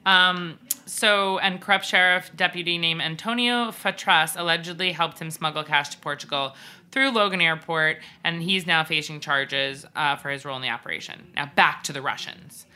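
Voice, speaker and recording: A woman's voice: low voice, normal speed, sharp tone. A woman co-hosting a podcast, telling a story in a rambling, casual way with lots of ums and the odd swear word. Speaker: podcast co-host. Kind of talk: casual chat.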